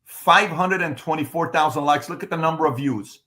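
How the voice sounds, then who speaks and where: A man's voice: a little high, normal speed, sharp tone, roomy sound. A man hosting a podcast panel, talking urgently and emphatically as he leads the discussion. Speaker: podcast host.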